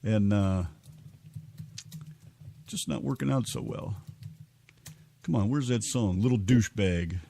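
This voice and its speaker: A man's voice: lowish voice, slow, creaky, pauses often, dark tone, slight background noise. A man from Kentucky, co-hosting a casual live internet radio show, joking and rambling while he looks for songs.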